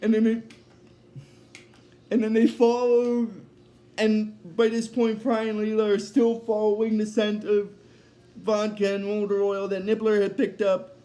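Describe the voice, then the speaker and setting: High-voiced man recapping haltingly. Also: completely flat delivery, warm tone. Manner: halting, filler-heavy retelling. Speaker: episode recapper. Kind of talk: casual episode recap.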